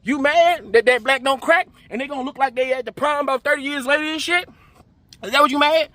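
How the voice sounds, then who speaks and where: High, bright-voiced man ranting profanely. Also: expressive, very fast, dry recording. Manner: profane, emphatic, preachy. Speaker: commentary host. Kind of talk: ranting reaction commentary.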